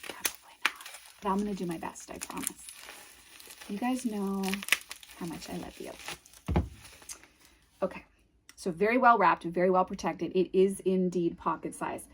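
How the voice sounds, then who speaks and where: A woman with a New England accent chatting casually through an unboxing, gushing and dreamy, often trailing off into soft murmurs. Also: fairly low pitch, normal speed, long pauses, heavy background noise. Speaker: tarot video host.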